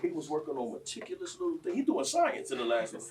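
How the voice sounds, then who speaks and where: A man's voice: huge pitch swings, quick pace, noisy background. Fiery man preaching from a distance. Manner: preachy storytelling, swinging from low and quiet to loud and high. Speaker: panel speaker. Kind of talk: impassioned panel talk.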